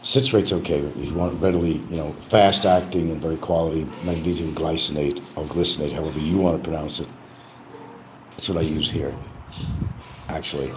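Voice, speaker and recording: A man's voice: a bass voice, steady tone, a little fast, noisy background. An older man hosting a livestream, talking in a casual, rambling monologue with many restarts. He keeps repeating a catchphrase in a mock sing-song lift. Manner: frequent restarts and trailing asides. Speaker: livestream host.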